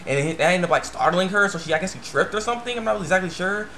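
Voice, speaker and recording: Young guy rambling through an anime episode recap, kinda high voice, lots of um and he's like, faint hiss behind. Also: lively intonation, rapid-fire, sharp tone. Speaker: anime reviewer.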